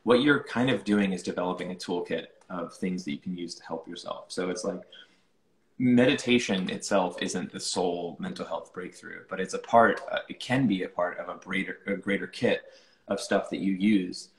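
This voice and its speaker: A young man with a lowish voice talks loosely through his thoughts in a casual interview. He keeps restarting sentences and leaning on filler words. The room around him has a noticeable echo. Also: moderate pace. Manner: rambling, many "like" fillers and restarts. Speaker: musician being interviewed.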